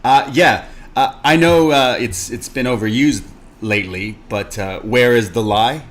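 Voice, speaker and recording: Excitable, joking man, podcast co-host, rambling wrestling banter. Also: mid-range voice, a little slow.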